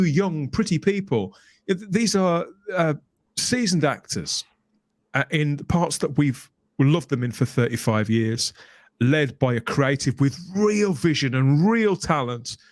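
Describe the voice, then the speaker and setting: A man talking in a casual podcast discussion, enthusiastic and emphatic, stumbling and repeating words as he gets excited. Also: fairly high pitch, dry recording. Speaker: guest podcaster.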